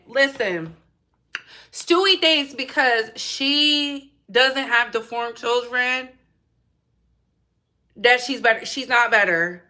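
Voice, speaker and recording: A woman's voice: fairly high pitch, slow pace, pauses often, pushed and bright. A woman giving blunt, sassy reaction commentary on a vlog, repeating her points for emphasis. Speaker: commentary vlogger.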